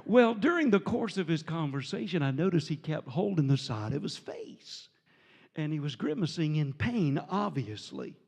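A man preaching a storytelling sermon as a visiting preacher, animated and jovial, breaking into laughter and shouts. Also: fairly high pitch, moderate pace, gravelly, husky. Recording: reverberant church sanctuary.

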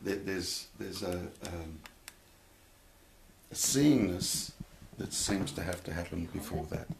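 A man's voice: low-pitched, slow, vocal fry, a little mellow, slight background noise. A man giving a casual spiritual talk as a teacher, blunt and questioning, swearing freely. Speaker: nonduality teacher.

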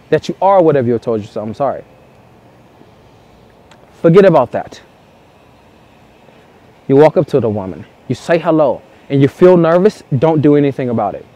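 Man, dating coach, earnest and repetitive, slightly high pitch, vlog monologue outdoors. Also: warm tone. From United States. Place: outdoors in the cold.

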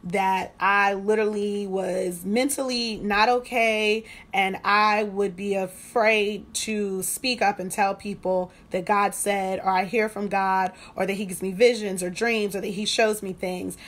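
A woman's voice: mid-range voice, fairly even intonation, a little slow, few pauses, fairly bright tone. A woman hosting a devotional study, speaking in a conversational, testimonial way and repeating phrases for emphasis. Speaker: devotional host. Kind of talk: devotional teaching.

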